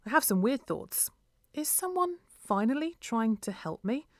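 A woman's voice: fairly high pitch, very animated, unhurried, dry recording, studio quality. A woman reading a first-person story aloud in an earnest, emotional way.

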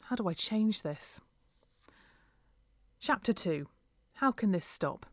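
A woman's voice: mid-range voice, lively intonation, slow pace, no echo, studio quality. A woman reading a first-person story aloud in an earnest, emotional way.

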